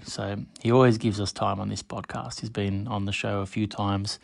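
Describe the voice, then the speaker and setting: A man's voice: fairly low pitch, creaky, dry recording, studio quality. A man hosting a solo podcast, chatting casually and speaking straight to listeners by name. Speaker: podcast host.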